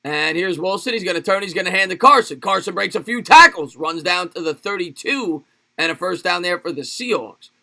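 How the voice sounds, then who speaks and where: Guy doing amateur play-by-play, high bright voice, clipped punchy calls. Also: expressive, a little fast, creaky. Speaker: host calling a game for a live stream.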